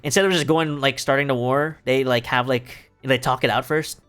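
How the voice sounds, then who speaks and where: A young man tells a story the way he'd tell a friend, loose and rambling, full of swearing and fillers. He speaks at an everyday pitch into a streaming mic at home. Soft music plays faintly underneath. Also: steady tone, moderate pace, clean tone. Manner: rambling, swearing, laughing asides, many fillers. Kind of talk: casual profane story retelling.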